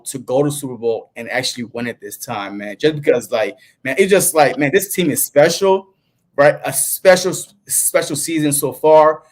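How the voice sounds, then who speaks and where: A man co-hosting a sports podcast in a laid-back, casual chat style, dropping fillers like "man" and "bro". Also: fairly high pitch. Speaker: podcast co-host.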